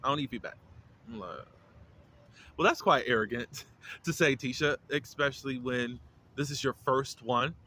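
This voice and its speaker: A man's voice: medium pitch, a little slow, pauses often, pushed and bright, slight background noise. A man giving a casual, opinionated recap of a TV episode, with lots of fillers and restarts. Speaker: reality TV reviewer.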